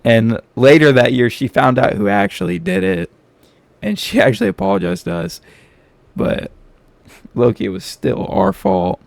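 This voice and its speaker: A man's voice: mid-range voice, lively intonation, normal speed, vocal fry, no echo. A man telling a story from his school days in a casual, slangy, self-mocking way, close to the mic.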